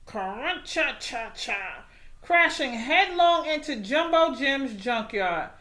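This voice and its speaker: A woman teacher reading a storybook aloud, with expressive, animated storytelling. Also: high voice, slow.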